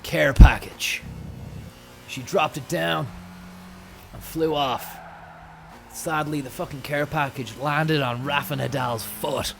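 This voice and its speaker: A young Irish man rambling through an absurd, profane comic monologue in a deadpan way. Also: fairly high pitch, slow, vocal fry, faint music behind. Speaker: comic storyteller.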